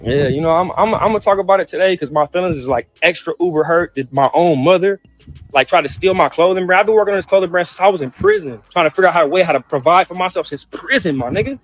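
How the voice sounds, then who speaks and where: A man's voice: high-pitched, expressive, fast talker, no echo. A man ranting with heat about his mother, cursing and repeating himself, over faint music. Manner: heated, profane, repeats himself. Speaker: brother in a family feud clip. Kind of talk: emotional rant.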